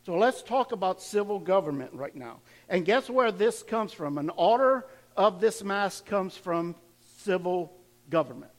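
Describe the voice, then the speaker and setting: This high-voiced pastor's sermon is expressive and a little slow, delivered loosely and conversationally to his congregation. Questions go out to the room, and he doubles words while building to a point.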